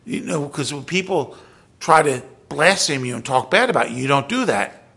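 Gravelly, bright-voiced male preacher. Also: on the high side, lively intonation, normal speed. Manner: exhorting, rising to emphatic bursts. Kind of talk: sermon.

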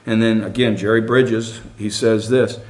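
A middle-aged preacher delivers an animated sermon, posing rhetorical question after rhetorical question to the congregation. His voice sits somewhat low and he takes his time.

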